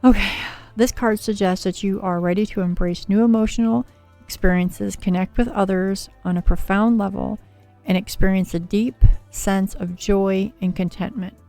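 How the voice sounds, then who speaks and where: A woman with a medium-pitched, dark-toned voice hosts a casual tarot livestream, speaking at a moderate pace with fairly even intonation and few pauses, faint music behind her. Soothing and chatty, she reads out viewer names and card meanings, her voice a little scratchy from a cold.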